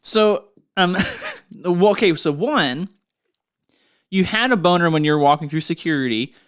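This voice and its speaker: A woman's voice: on the low side, animated, measured pace, clear, resonant tone. A woman co-hosting a comedy podcast, reading and asking questions in a mock news-anchor manner. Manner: mock news-anchor delivery, breaking into laughter.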